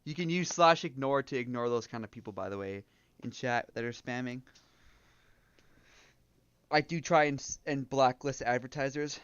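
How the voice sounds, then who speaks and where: A man's voice: mid-range voice, moderate pace, long pauses, fairly bright tone, clear, resonant tone, muffled recording. A young man from Canada chatting casually on a game livestream, joking and swearing with frequent laughs. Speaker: streamer.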